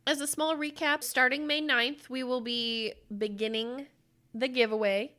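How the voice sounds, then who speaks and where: A woman's voice: high voice, fairly even intonation, a little slow, sharp tone. A woman co-hosting a podcast in casual chat, blunt and profane, acting out quoted voices as she tells stories. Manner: acts out quoted voices while telling stories. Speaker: podcast co-host.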